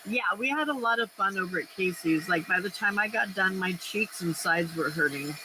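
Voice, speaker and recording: A woman's voice: mid-range voice, expressive, moderate pace, background noise. A woman hosting a casual late-night crafting livestream, chatting with viewers and her cats between giggles.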